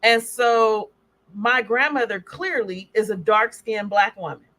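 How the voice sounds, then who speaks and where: Animated woman giving a health talk. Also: fairly high pitch, a little slow. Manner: animated and conversational, acts out scenes. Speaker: health educator presenting slides. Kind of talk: presentation talk.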